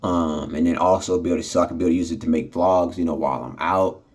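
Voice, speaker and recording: A man with a very low, husky voice vents into his phone from his apartment. He rambles with lots of fillers, laughs a lot and sounds frustrated. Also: steady tone, fast talker, a little mellow. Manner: laughing often, frustrated, many fillers and restarts. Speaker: vlogger. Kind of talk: casual rambling vlog.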